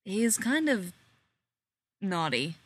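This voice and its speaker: A woman's voice: medium pitch, big pitch swings, very slow, slightly rough, exaggerated voice. A woman voicing an earnest young man who likes order and pleads to win back his ex, in a storybook reading. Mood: pleading.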